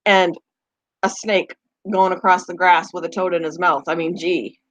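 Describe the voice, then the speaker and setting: A woman's voice: lowish voice, steady tone, normal speed, no room sound. A woman hosting a pet channel in a rambling, casual live chat. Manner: chatty, rambling, talks to her pets in between.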